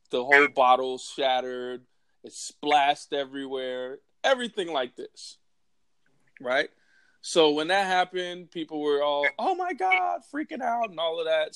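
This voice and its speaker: Animated man telling a rowdy story. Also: a little high, no room sound. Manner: animated, laughs often, crude slang. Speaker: storyteller in group chat. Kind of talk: casual storytelling chat.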